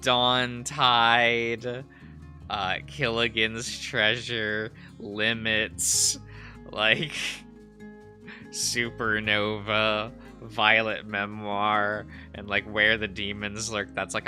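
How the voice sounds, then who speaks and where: A man's voice: on the low side, level tone, very slow, pushed and bright, faint music behind. A man chatting casually on a stream while drawing, giggling often and rambling as he searches for words. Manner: giggly, laughs often between phrases.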